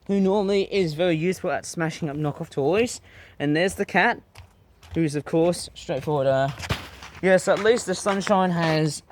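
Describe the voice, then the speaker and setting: A gardening vlogger with a high voice chats casually to viewers while weeding his backyard garden, recording outdoors on a tablet camera. His rambling commentary is exclamatory and full of playful word choices, with a little hiss or hum in the audio.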